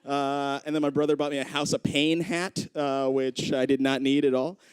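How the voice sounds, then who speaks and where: A man in his thirties doing live stand-up storytelling on a club stage into a handheld mic, acting out the people he quotes with big jumps in pitch. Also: flat delivery, normal speed, smooth, no echo. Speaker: stand-up comedian.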